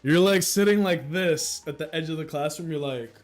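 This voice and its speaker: A man in his thirties chats on a livestream, rambling along and poking fun at himself. His voice sits a little high for a man, and he laughs often. Faint music plays quietly underneath. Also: normal speed. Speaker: livestream host. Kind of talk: casual livestream chat.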